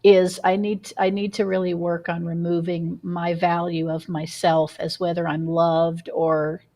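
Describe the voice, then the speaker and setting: A woman co-hosting a panel show as a high priestess, answering in an earnest, personal way with hesitant restarts. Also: flat delivery, unhurried, mellow.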